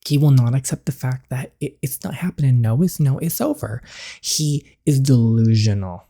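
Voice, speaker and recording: A man's voice: mid-range voice, normal speed, vocal fry, mellow. A man hosting a let's play, giving dramatic, sassy reactions as he comments on a story game.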